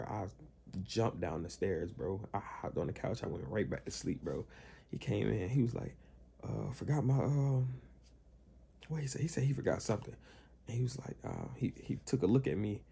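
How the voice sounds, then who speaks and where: A man's voice: on the low side, creaky, breathy edge. A young man casually telling a story to camera in heavy slang, acting out the other people's lines. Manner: animated slangy storytelling, acts out quotes. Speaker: vlogger.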